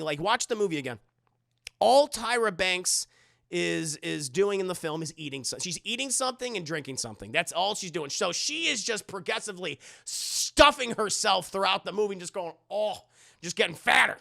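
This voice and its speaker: Brief: snarky man recapping a bad movie, gravelly and bright, close and dry. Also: a little high, no room sound. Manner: sarcastic, rambling, swears often. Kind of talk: profane casual movie recap.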